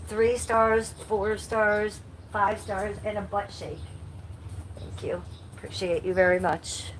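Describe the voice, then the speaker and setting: A woman in her fifties hosts a casual livestream, reading the chat aloud and bluntly swearing at rude commenters, then switching to sing-song baby talk for her cat. Her mid-range voice barely moves in pitch and comes slowly, with a little hiss or hum.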